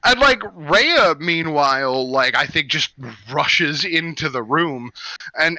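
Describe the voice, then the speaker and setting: A man's voice: a little high, expressive, slow, bright, forceful tone, dry recording, low-quality recording. A man narrating as game master of a tabletop game, in a loose, rambling way with many fillers.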